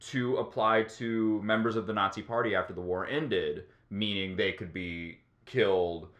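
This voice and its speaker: Man, podcast co-host, casual chat, rambling explainer, low bright voice, echoey room. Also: moderate pace, dull audio. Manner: rambling, relaxed explainer with filler ums.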